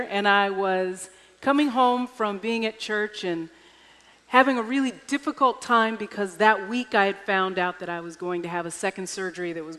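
A woman with a medium-pitched, slightly bright voice preaches a sermon, recounting a personal story with wry humor. The recording carries echoey hall reverb.

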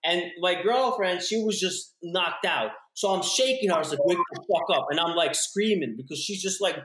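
A young man tells a story in a loose, easygoing way. He swears freely and keeps dropping "bro" and "dude". His voice sits a little high, and the room around him is echoey. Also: normal speed, fairly bright tone. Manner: profane, laid-back, peppers speech with "bro" and "dude". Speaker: podcast host telling a story. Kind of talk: casual storytelling chat.

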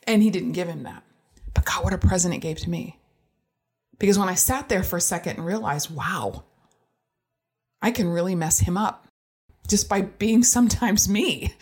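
A woman in her thirties or forties, a parent telling a frank, self-deprecating story, laughing easily as she goes. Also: mid-range voice. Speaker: parent sharing experiences. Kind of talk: candid storytelling monologue.

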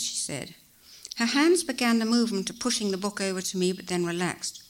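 A woman reading a story aloud as narrator, in a measured, expressive way. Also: fairly low pitch.

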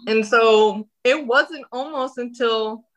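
Bright-voiced woman telling stories. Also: a little high, slow pace, rough recording. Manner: animated, acts out quoted dialogue. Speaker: guest. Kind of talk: casual storytelling.

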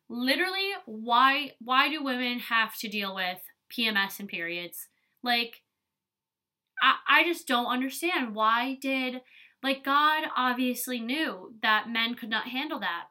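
Young female podcast host, higher-pitched and sharp-toned, candid and profane, loose chatty delivery. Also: a little slow. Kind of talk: casual chat.

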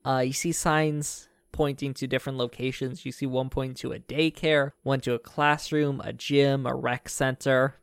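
A man narrating a tabletop game as game master, casual and halting, with lots of fillers. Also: medium pitch, little pitch movement, smooth, no echo, studio quality.

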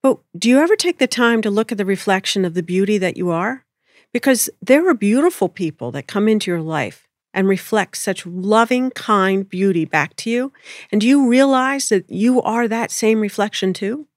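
Woman, spiritual storyteller, gentle reflective delivery, laughs easily, dry close mic. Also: mid-range voice, expressive, moderate pace, dry recording. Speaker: spiritual speaker. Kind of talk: casual storytelling chat.

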